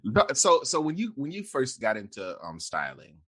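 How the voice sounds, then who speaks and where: A man's voice: mid-range voice, wildly swooping pitch, normal speed, a bit bright, husky, no room sound, clean studio sound. A man hosting a podcast, asking casual questions with a laugh and many restarts. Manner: curious, laughing, restarts his questions often. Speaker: podcast host. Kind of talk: casual interview chat.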